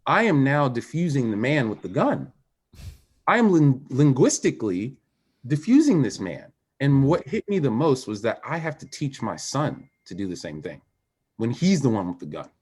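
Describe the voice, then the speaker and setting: A man's voice: medium pitch, moderate pace, slightly rough. Guest: man, candid storyteller, voice rising and falling widely, emphatic. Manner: animated, emphatic, swings between quiet and raised. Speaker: guest, former Olympic swimmer. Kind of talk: candid personal storytelling in conversation.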